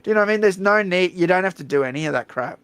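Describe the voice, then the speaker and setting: An Australian man hosting a stream, telling a story in a blunt, profane, animated way. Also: high-pitched, racing, clean tone, dry recording. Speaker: streamer host. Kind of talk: casual storytelling chat.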